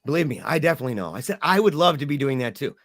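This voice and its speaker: A man's voice: a little high, rapid-fire, dry recording, studio quality. A middle-aged man, a podcast guest, telling an emotional story and acting out the people in it. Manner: animated, acts out quoted voices.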